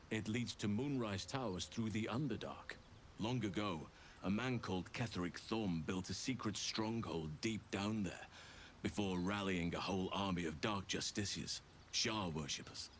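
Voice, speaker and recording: An actor voicing an earnest man who offers to join the group in a fantasy video game, speaking in a measured, formal way. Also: fairly low pitch, slight background noise, natural voice.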